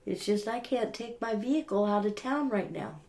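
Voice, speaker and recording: A woman's voice: fairly high pitch, moderate pace, a little mellow. A woman co-hosting a casual podcast chat, talking through plans in a plain, matter-of-fact way. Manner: matter-of-fact, planning aloud. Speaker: podcast co-host. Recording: echoey room.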